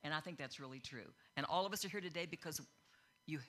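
Bright-voiced woman preaching a lively sermon. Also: deep voice, fast talker. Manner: animated, acts out quoted voices, gets loud and excited. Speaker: pastor.

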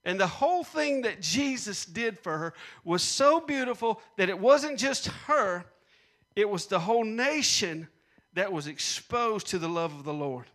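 A man's voice: sits high, expressive, a little slow, fairly bright tone. A man preaching a sermon, repeating punchlines and leading call-and-response with the congregation. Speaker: pastor.

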